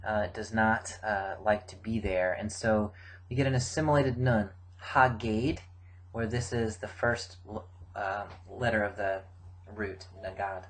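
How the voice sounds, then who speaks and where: A middle-aged man giving a recorded grammar lecture, explaining forms in a measured way with frequent fillers. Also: lowish voice, poor audio. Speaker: Biblical Hebrew teacher.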